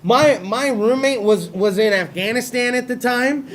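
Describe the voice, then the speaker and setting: High-voiced young man telling crude stories. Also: unhurried. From California. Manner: crude, swearing, animated storyteller. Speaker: host. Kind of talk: casual storytelling on a talk show.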